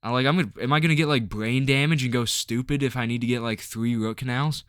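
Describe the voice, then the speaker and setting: A man's voice: medium pitch, fast talker, fairly bright tone, clear, resonant tone, dry recording. Rambling, frustrated man ranting, dry sound. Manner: rambling and frustrated, full of "like" and restarts. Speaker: vlogger. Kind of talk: ranting to camera.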